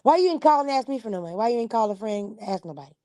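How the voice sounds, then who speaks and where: A woman's voice: fairly high pitch, expressive, racing, dark tone, no echo. Blunt, profane woman, dry sound. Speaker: livestream host. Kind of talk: casual chat on a livestream.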